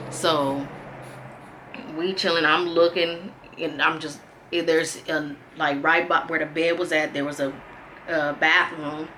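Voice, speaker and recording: A young woman telling a profane, animated story in a casual vlog. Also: sits low, slight background noise. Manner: animated, profane, acts out quotes loudly. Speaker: storytime vlogger.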